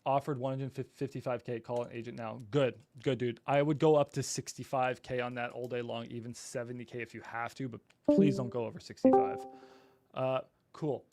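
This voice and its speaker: A man's voice: medium pitch, fairly even intonation, brisk, mellow, slight background noise. A man hosting a casual livestream, apologetic and flustered while he fights his equipment and talks to viewers. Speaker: livestream host.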